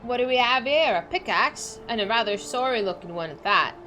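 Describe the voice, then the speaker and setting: A woman's voice: fairly high pitch, animated, fairly quick, sharp tone, soft background music. A woman voicing a blustering male sea officer in a game, speaking in a put-on seafaring dialect full of old sailor talk. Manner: old-fashioned sailor speech with ye, aye and ain't. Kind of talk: reading game dialogue aloud.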